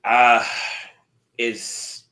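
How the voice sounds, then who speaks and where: A man co-hosting a podcast, talking in an earnest, measured and thoughtful way in casual chat. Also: medium pitch, completely flat delivery, sharp tone. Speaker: podcast co-host. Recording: roomy echo.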